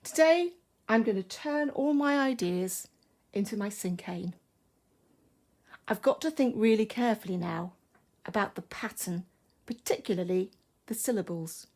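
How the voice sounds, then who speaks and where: Slow-paced English woman teaching children. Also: medium pitch, expressive, darkish tone. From England. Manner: slow, careful, thinking aloud while writing. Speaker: primary school teacher. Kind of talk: recorded online writing lesson for children.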